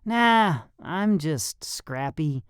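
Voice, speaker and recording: A man's voice: a little high, animated, extremely slow, clear, resonant tone, no echo, clean studio sound, pitched above the performer's own voice. A man voicing a cocky, wisecracking teenage boy in an audiobook. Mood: joking.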